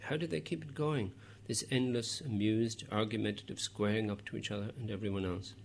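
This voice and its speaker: A man narrates a novel in a measured, even storytelling voice. His pitch sits on the low side, and he drops in the odd wry aside to the listener. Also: creaky. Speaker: audiobook narrator. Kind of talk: scripted narration.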